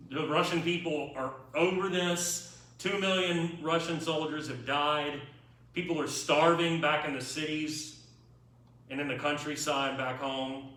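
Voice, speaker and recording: A man's voice: a little high, steady tone, measured pace, pushed and bright. A man giving an informal, wry history lecture to a class, checking in with his students as he goes. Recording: echoey room, mic far off.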